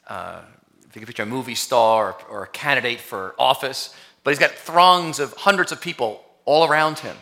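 Man, pastor, sermon, bright tone, conversational then emphatic preaching. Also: mid-range voice. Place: church sanctuary.

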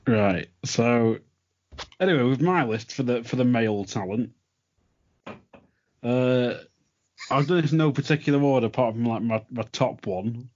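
A man, calmly running through his picks in casual podcast chat. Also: mid-range voice, moderate pace, long pauses. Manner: relaxed, listing picks with asides. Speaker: wrestling podcast panelist. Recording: lo-fi remote mic.

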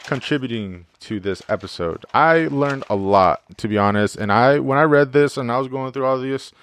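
A man's voice: medium pitch, normal speed, a bit bright, clear, resonant tone, dry recording. A man hosting a casual solo podcast, rambling and joking with plenty of profanity and fillers. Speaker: podcast host.

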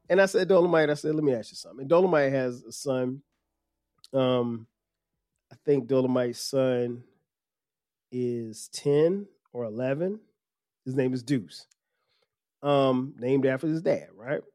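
A man, hosting a podcast and telling a story in a casual, animated way with lots of laughter. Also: mid-range voice. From South Carolina. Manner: animated, laughs often, quick restarts. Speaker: podcast host.

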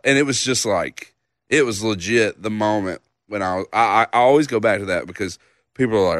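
A man in his thirties, a songwriter guest, spinning a laid-back story and laughing his way through it. His voice sits on the low side, and it is recorded dry and close with no room sound. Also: fairly quick, fairly bright tone, no echo. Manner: laughing, loose storyteller, says man and dude. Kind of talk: casual storytelling on a podcast.

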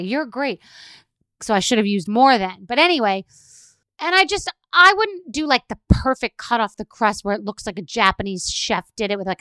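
A middle-aged woman telling a casual story in a chatty, animated way, loudly acting out the lines she quotes. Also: mid-range voice, clean tone, dry recording, clean studio sound.

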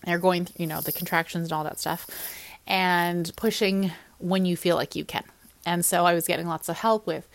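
Young woman, fitness-coach vlogger, low-ish voice, dry sound, talks candidly with lots of fillers. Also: steady tone, moderate pace, no echo. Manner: candid, conversational, many fillers. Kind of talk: personal birth story vlog.

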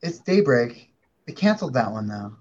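A man's voice: mid-range voice, big pitch swings, normal speed, darkish tone, lo-fi sound. A man, an actor guest on a chat show, joking in an offhand way. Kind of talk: casual video chat.

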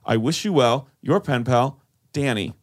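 A man's voice: medium pitch, animated, measured pace. A man co-hosting a comedy podcast, reading out a listener's letter and stopping to add asides. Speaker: podcast co-host.

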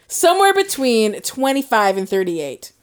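A high-pitched woman in her thirties chatting casually as a co-host. She teases the others with dry, wry quips. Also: very animated, takes it slowly. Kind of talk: casual chat.

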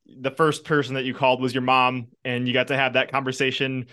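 A man's voice: mid-range voice, level tone, brisk, pushed and bright, clean tone. A man from Wisconsin hosting an interview, asking questions in an encouraging way. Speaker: podcast host.

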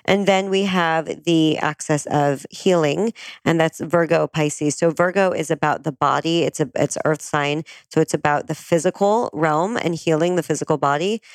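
A woman explaining astrology in a calm, conversational way, often agreeing with her guest. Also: deep voice, moderate pace, dry recording.

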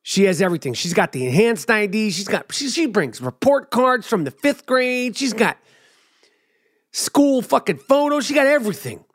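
A middle-aged man telling a profane comic story, swearing often and mimicking other people in a high excited voice. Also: moderate pace, dry recording, studio quality.

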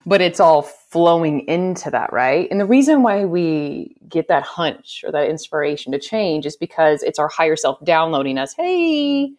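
A woman's voice: deep voice, moderate pace, hardly any pauses, darkish tone. A woman guest speaking about self-love in an emphatic, heartfelt way, with frequent "like" fillers. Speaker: podcast guest. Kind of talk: spiritual self-help conversation.

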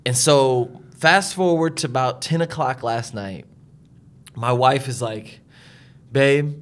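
A young man co-hosting a podcast tells a family story in casual chat, laughing often and animatedly acting out other people's lines, including his wife's. His voice is mid-range and his pace measured.

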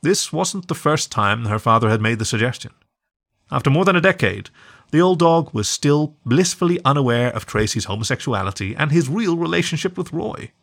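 A man reading a storybook aloud as the storyteller, in an expressive, measured way. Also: a little high, creaky. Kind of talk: scripted narration.

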